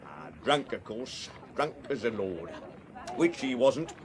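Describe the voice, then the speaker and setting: A man's voice: mid-range voice, sing-song, slow, a crowd in the background. An actor playing a cheerful, gossipy Victorian cab driver in a radio drama, chuckling to himself as he talks. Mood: jovial. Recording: faint background noise.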